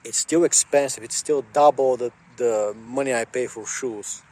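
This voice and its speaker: A man's voice: mid-range voice, moderate pace, a little mellow. A man chatting casually and rambling with lots of fillers, recorded on a phone outdoors beside a car. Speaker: vlogger. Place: outdoors by a car, jump-starting it.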